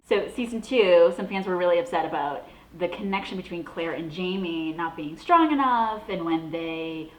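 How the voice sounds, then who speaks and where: A woman's voice: lowish voice, reverberant, low-quality recording. A young adult woman from the Boston area hosting her own show, talking in a chatty, gushing way. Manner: chatty, gushing, animated with laughs. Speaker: vlog host. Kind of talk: casual chat.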